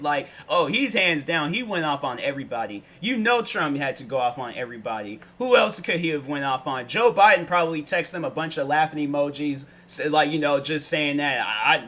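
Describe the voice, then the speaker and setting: A young man talks straight through a casual solo vlog, slangy and rambling, often losing his train of thought. His voice sits a bit high with a bright, forceful edge. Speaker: show host.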